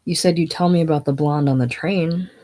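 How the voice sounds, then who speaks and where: Reader doing a gentle, protective young woman. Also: mid-range voice, brisk, close to an everyday voice. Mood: tender. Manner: gentle, soothing. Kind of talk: casual play reading.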